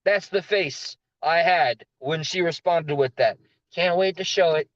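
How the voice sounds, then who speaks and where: A slightly hoarse man telling a story in a rambling rant, with frequent restarts and fillers. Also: fairly high pitch, a little slow, no room sound, dull audio. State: slightly hoarse, losing his voice. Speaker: vlogger recounting a story.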